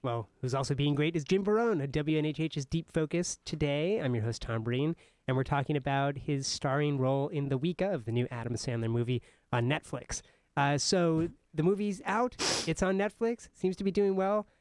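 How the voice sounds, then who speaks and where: A male radio host asks friendly, probing questions in a smooth, clear voice sitting slightly higher than most men's. The studio sound is dry and close. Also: moderate pace, darkish tone, no room sound. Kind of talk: radio interview.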